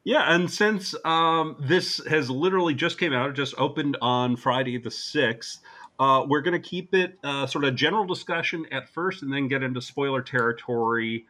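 A man's voice: mid-range voice, normal speed, sharp tone. A man with a New Jersey accent co-hosting a comedy podcast, easygoing and a bit hesitant. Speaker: podcast co-host. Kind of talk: casual chat.

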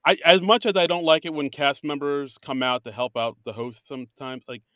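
A man's voice: fairly high pitch, steady tone, fairly bright tone, dry recording, clean studio sound. A man co-hosting a podcast, chatting casually and rambling through his thoughts with many fillers and restarts. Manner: rambling, halting, lots of fillers. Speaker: podcast co-host. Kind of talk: casual chat reviewing a comedy show. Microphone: remote call recording.

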